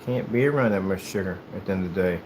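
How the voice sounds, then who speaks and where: A man from the United States chatting casually while he plays, telling rambling, animated stories in a hyperactive way. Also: deep voice, fast talker, noisy background. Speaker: gaming streamer. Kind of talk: casual chat while playing.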